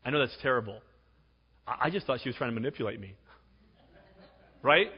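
A man's voice: mid-range voice, animated, a little fast, breathy edge. Conversational preacher man in a reverberant hall. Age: 40s. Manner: conversational, jokey, repeats "right?". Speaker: pastor. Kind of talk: sermon. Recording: dull sound with long hall reverb.

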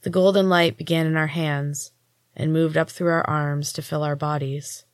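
A woman narrating a story in the first person, in an even, measured reading as a podcast host. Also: low-pitched, no room sound, clean studio sound.

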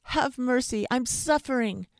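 A woman's voice: high voice, unhurried, no room sound, studio quality, pitched above the performer's own voice. A woman voicing a sly, well-dressed male fox in a storybook, wailing and theatrical. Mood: pleading.

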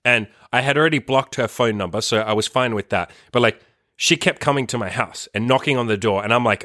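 A man's voice: mid-range voice, brisk, pushed and bright, no room sound, clean studio sound. A young man telling a long personal story in a casual, profane, emphatic way, full of "like". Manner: profane, emphatic, heavy use of "like". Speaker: storyteller host.

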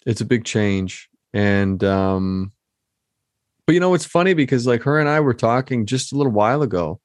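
A man's voice: mid-range voice, lively intonation, moderate pace, no room sound, studio quality. A man from Michigan hosting his own podcast, talking on in a loose, rambling way with many ums and restarts. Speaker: podcast host. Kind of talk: casual solo podcast monologue.

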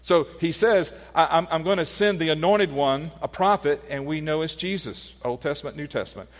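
A man's voice: a little high, fairly quick, big-room sound. A man preaching a sermon, teaching earnestly with rhetorical questions and frequent restarts. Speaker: pastor.

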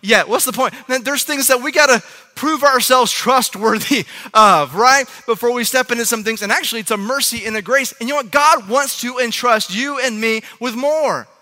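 A man preaching a sermon as a pastor, talking in a chatty way and often checking in with the congregation with quick asides. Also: very high voice, sharp tone. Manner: conversational, frequent "right?" asides to the audience. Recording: long reverb of a hall.

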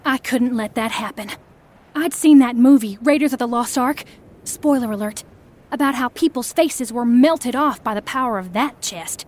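A woman narrating a first-person audio story, expressive, acting out the shouted lines. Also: a little high, normal speed.

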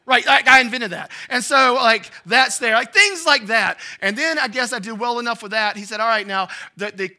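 A man, a pastor telling a personal story in an animated way during a sermon. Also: high-pitched. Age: 40s.

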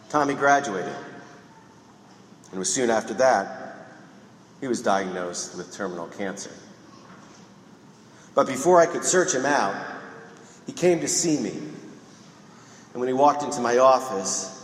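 A man gives a homily in a measured, reflective voice, pausing often. His voice rings through a big church with a long reverb tail. A faint room hum sits underneath. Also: lowish voice. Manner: measured, reflective preaching with pauses. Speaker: priest. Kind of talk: sermon. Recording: roomy echo in a large church.

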